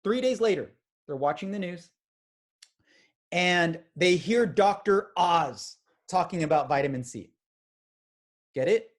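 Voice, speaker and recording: A man giving a motivational sales training talk, energetic and acting out quoted conversations. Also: high-pitched. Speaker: business trainer.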